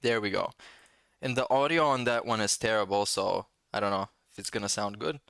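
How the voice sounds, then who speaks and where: A man's voice: on the low side, brisk, vocal fry, fairly bright tone, clean tone, dry recording. A man hosting a podcast and giving casual commentary on video clips, blunt and cursing, often restarting and repeating words. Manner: blunt, swearing, repeats words mid-sentence. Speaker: podcast host.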